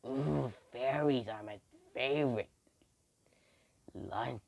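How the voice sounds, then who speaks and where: Man doing a hushed, hungry old serpent. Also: medium pitch, slow pace, gravelly, no room sound. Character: ancient white serpent, hungry, servile to its master.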